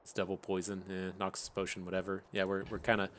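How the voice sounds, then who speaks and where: A man's voice: sits low, monotone, quick pace, fairly bright tone. A man hosting his gaming channel, thinking aloud in chatty, casual commentary and laughing at his own tangents.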